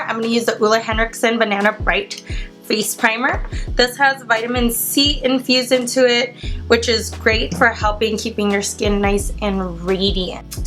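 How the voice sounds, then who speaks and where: Young woman, congested from a cold, fairly high voice, chatty makeup tutorial, faint background music. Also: a bit bright. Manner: chatty, explains each product step by step. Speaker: beauty vlogger. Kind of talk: makeup tutorial talk to camera.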